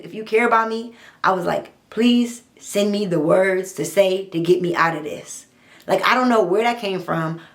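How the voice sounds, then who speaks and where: A young adult woman, telling her own story in a blunt, profane, animated storytime monologue. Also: medium pitch. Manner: blunt, profane, animated retelling with quoted dialogue.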